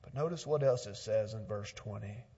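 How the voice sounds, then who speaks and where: A male pastor preaching a sermon, swinging from loud urgent emphasis to quiet, hushed lines, with repeated words and restarts. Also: fairly low pitch, normal speed, husky, highs cut off. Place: church sanctuary.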